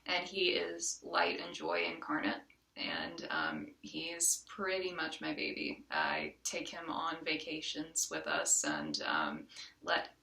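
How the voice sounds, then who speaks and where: A woman's voice: sits low, big pitch swings, slow, creaky, pushed and bright, echoey room, recorded from a distance. A woman from the Southern United States with a light Southern accent, giving a chatty, casual self-introduction as a college student, with frequent ums and restarts.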